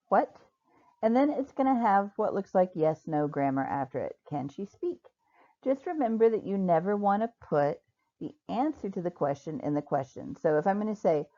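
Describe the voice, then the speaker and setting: A woman gives a recorded grammar lesson in a fairly low, mellow voice. She speaks patiently and slows right down to model each example sentence. The recording sounds dull and lo-fi. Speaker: ESL grammar teacher. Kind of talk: recorded online lecture.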